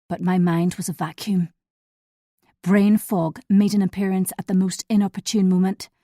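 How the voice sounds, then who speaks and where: Mellow-toned woman narrating a thriller. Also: medium pitch, no room sound, studio quality. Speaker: audiobook narrator. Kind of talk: scripted first-person audiobook narration.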